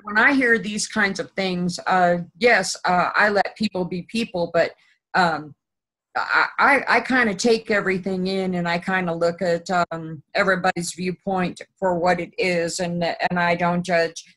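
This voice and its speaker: Woman interview host, low bright voice, hesitant and halting delivery. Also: fairly even intonation, poor audio. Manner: hesitant, many fillers and restarts. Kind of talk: casual interview.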